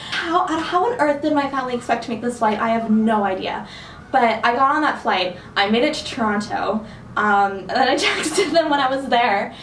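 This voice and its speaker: A woman's voice: fairly high pitch, a bit bright, roomy sound, distant mic, slight background noise, rough recording. A young woman vlogger telling a rambling story in a casual chat, full of "like"s. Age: young adult. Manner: chatty, rambling with many "like"s. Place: dorm room.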